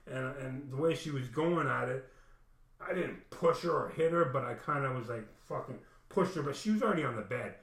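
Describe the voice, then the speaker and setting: A man's voice: medium pitch, lively intonation, brisk, vocal fry, fairly bright tone. A man telling a personal story in a rambling, profane casual monologue, full of "man". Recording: echoey room.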